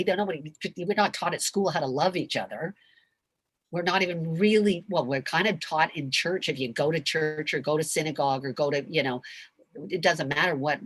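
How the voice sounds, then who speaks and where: Husky heartfelt woman, dry close sound. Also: sits low, fairly bright tone, no echo. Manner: heartfelt, gushing, laughs often. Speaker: convention guest. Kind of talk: emotional Q&A talk.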